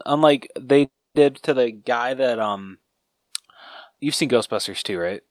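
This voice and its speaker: A man's voice: medium pitch, unhurried, no echo, clean studio sound. A man co-hosting a podcast, chatting casually and a bit hesitantly about movies. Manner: chatty, hesitant, says um and dude a lot. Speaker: podcast co-host.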